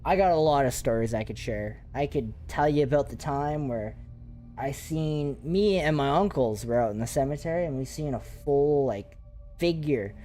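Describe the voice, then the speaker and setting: Rambling man, mellow voice. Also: mid-range voice, normal speed, faint music behind. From Canada. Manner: rambling, excitable storytelling with many fillers. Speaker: paranormal investigator, channel host. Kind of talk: casual live chat.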